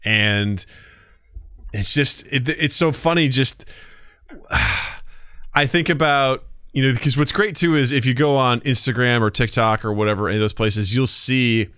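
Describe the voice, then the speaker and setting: A man in an easygoing podcast chat, his voice sitting at a middling pitch. He tells stories with energy, slipping into other voices for quotes. The sound is dry and close, with no room around it. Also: moderate pace, clear, resonant tone, no room sound. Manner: animated storyteller, acts out quotes. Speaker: podcast co-host. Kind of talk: casual chat.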